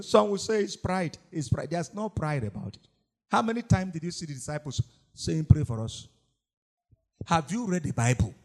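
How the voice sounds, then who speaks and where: A man's voice: a little high, moderate pace. A man preaching a sermon, repeating lines and laughing often as he tells his stories. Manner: animated preaching with frequent laughter and repetition.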